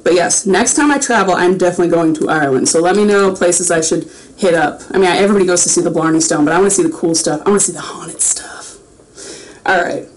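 A woman's voice: fairly low pitch, fast talker, low-quality recording. A young woman chatting casually on a livestream while signing autographs, rambling and self-aware.

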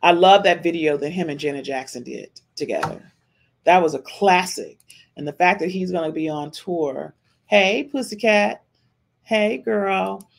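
A woman's voice: fairly low pitch, moderate pace, creaky. A woman hosting a podcast, giving casual reaction commentary on a livestream in an emphatic, chatty way and often tossing in a questioning "okay?". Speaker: podcast host.

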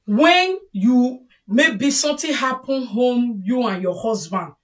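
Nigerian woman vlogger, high-pitched, talks straight to viewers in a scolding, advice-giving tone. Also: expressive, slow, a bit bright, distant mic. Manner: lecturing, scolding, mixing pidgin. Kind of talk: casual advice monologue. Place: home.

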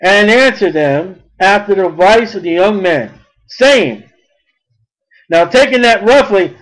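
A man preaching a sermon, blunt and folksy, mocking at times and rising to shouts. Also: sits high, expressive, a little slow, poor audio.

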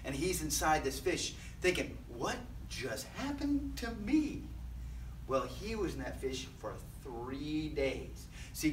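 A man's voice: fairly high pitch, fairly bright tone, slight background noise. A man leading a children's church service, telling a Bible story in a playful way with sound effects. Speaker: children's pastor. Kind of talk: animated Bible storytelling for kids. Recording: roomy, from mic distance.

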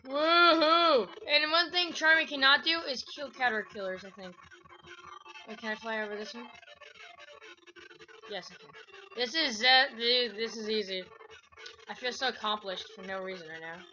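A woman with a bright, fairly high voice commentates a video game, chattering through asides and bursting into yelps and squeals. The sound is dull and lo-fi, with faint game music underneath. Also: normal speed, pauses often. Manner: excitable, yelps and squeals between rambling asides. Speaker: gameplay commentator. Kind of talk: let's-play commentary.

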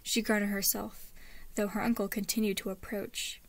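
A woman reading a fan story aloud, soft and often half-whispered, with self-deprecating asides. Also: medium pitch, flat delivery, moderate pace, creaky, dry recording. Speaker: fan fiction reader.

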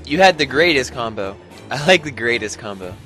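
Quick-quipping man with a lively voice. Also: medium pitch. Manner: quick deadpan quips and wordplay. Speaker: let's play co-host. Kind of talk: casual gaming commentary. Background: game music.

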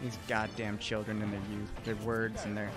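A man's voice: fairly low pitch, monotone, normal speed, loud music behind the voice. A man commentating a fighting game tournament in a casual, joking way, fond of puns. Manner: joking, pun-loving, bursts into mock whispered ASMR. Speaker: esports commentator.

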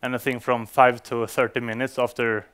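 A man's voice: mid-range voice, little pitch movement, moderate pace, a bit bright, smooth. A man giving a conference talk to developers, speaking English as a non-native speaker, with frequent fillers and restarts. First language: Swedish. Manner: hesitant, many fillers and restarts.

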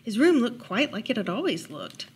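A woman librarian reading a bedtime picture book aloud, gentle and unhurried, with playful asides. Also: a little high, sing-song, breathy edge. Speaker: children's librarian storyteller.

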